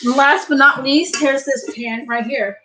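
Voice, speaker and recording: A middle-aged woman vlogging an excited unboxing in her home kitchen, gushing and exclaiming often. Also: high-pitched, unhurried, poor audio.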